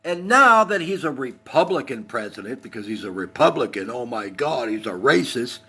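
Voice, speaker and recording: A man's voice: mid-range voice, very animated, normal speed, few pauses, pushed and bright, breathy edge. A man in his forties from Texas, hosting a heated, profane rant on his live stream. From El Paso, Texas. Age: 40s. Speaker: livestream host.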